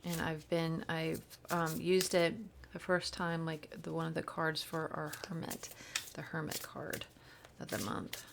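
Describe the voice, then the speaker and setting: A woman giving a casual spiritual card reading, rambling and soft-spoken, sometimes slipping into whispers. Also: low voice, level tone, a little slow, creaky, background noise. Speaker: spiritual reader. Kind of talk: casual channeled tarot reading.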